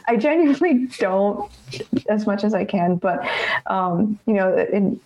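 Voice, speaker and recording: A woman speaking as a podcast guest, sharing her personal story in an earnest, reflective and halting way. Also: medium pitch, lively intonation, mellow, muffled recording. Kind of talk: personal testimony in conversation.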